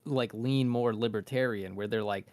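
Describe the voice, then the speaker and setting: A man's voice: lowish voice, steady tone, moderate pace, darkish tone, no room sound. Laid-back man with a dry, close sound. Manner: easygoing, rambling, swears casually. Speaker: podcast co-host. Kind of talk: casual chat.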